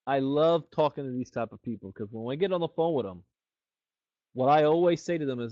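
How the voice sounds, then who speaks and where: A middle-aged man leads a motivational sales training in a mid-pitched voice, slipping into the voices of the people in his stories. The sound is dull and dry, with no room around it. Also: fairly quick, dry recording. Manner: animated storyteller who acts out the quoted people. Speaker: network marketing trainer.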